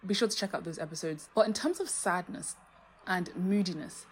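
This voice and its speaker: A woman's voice: lowish voice, fairly quick, slight background noise. A young woman hosting a faith-based podcast, talking earnestly and animatedly, sometimes exclaiming and laughing as she explains Bible verses. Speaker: podcast host. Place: home, street noise outside.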